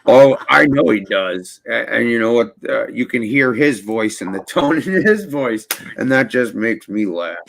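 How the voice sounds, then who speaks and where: Gravelly man, rambling casual host. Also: mid-range voice, animated, measured pace, hardly any pauses, fairly bright tone. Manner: rambling, profane, restarts a lot. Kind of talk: casual livestream chat.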